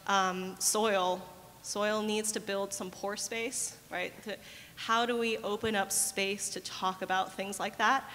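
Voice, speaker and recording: A woman's voice: medium pitch, fairly even intonation, slow pace, a bit bright, long reverb tail, slight background noise. A woman speaking on a conference panel, thoughtful and hesitant, with many fillers.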